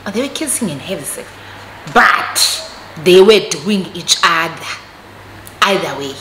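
A South African woman telling a story on her vlog, animated and switching between Xhosa and English. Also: on the low side, a little slow, slight background noise. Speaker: vlogger. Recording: echoey room recording.

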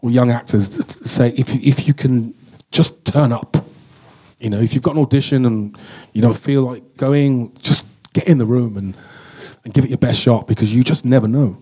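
Warm husky man, candid. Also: mid-range voice. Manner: candid, emotional, halting restarts. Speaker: guest actor. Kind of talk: live on-stage Q&A storytelling. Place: stage in front of an audience.

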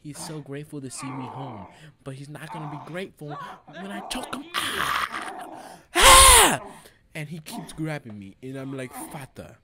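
A young man narrating his own video in a joking voice-over, deadpan and boastful, sometimes dropping to a quiet mumble. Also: normal speed. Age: young adult. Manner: deadpan boasting, mock trash talk, drops to quiet low mumbling. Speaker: vlogger. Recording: crowd noise behind.

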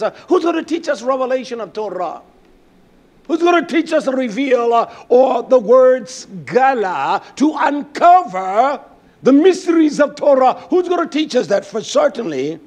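A man preaching a sermon, emphatic and rising at times to shouts. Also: very high voice.

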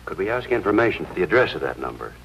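An actor playing an earnest, persistent hospital chaplain who questions people gently, in a 1950s TV drama. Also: male voice, sits low, sing-song, rapid-fire, muffled recording, slight background noise, heavily acted. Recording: 1950s TV soundtrack with music underneath.

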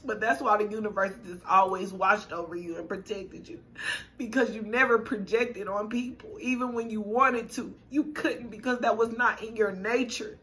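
A woman's voice: medium pitch, steady tone, moderate pace, a bit bright, slight background noise. A woman giving a spiritual tarot reading to her viewers, emotional and affirming, repeating herself as she gets choked up. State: choked up, near tears. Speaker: tarot reader.

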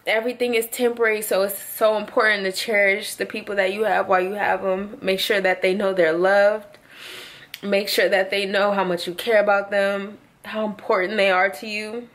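A woman's voice: mid-range voice, flat delivery, normal speed, a bit bright. A woman in her twenties talking at home to her vlog viewers, heartfelt and slangy, addressing them directly. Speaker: vlogger. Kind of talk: casual vlog talk to camera.

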